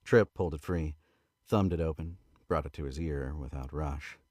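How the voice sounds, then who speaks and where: A man with an Australian accent reading a novel aloud in a relaxed, casual way, now and then correcting his own slips. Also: extremely low pitch, normal speed, dry recording, studio quality. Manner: relaxed, stops to correct misread words. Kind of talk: casual read-aloud narration.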